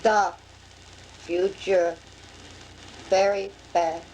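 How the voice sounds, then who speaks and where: A woman voicing a spirit entity that speaks through a medium in slow, halting, broken phrases. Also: medium pitch, flat delivery, a little mellow, a little hiss or hum, pitched above the performer's own voice, rough recording. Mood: ominous.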